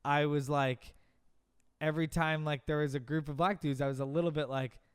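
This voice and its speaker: A man in his thirties with a fairly high, smooth, resonant voice, recorded close and dry. He co-hosts a relaxed podcast chat and tells stories with energy, acting out the shouted lines. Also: brisk, no room sound. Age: 30s. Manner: animated storyteller, acts out shouted quotes. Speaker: podcast co-host. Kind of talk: casual chat, storytelling.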